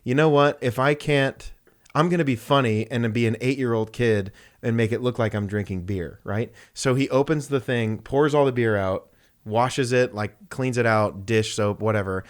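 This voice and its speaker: A man's voice: medium pitch, normal speed. A young man, casually telling stories on a podcast and acting out the voices of the people in them. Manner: animated, acts out voices in his anecdotes. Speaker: podcast co-host. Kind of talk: casual storytelling chat.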